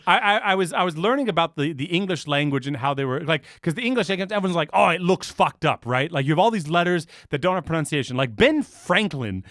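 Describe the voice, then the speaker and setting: A man co-hosting a podcast in casual chat, rambling and swearing with plenty of excitement. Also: on the high side, fast talker, hardly any pauses, dry recording, studio quality. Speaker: podcast co-host.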